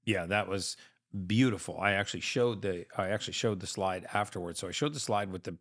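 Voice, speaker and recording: A man's voice: deep voice, a little fast, a bit bright. A man talking with gauze in his mouth and a half-numb tongue, so his speech sounds a little muffled, as he steadily explains what the slide shows. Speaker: host, patient after tooth extraction. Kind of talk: casual explanation at a microscope.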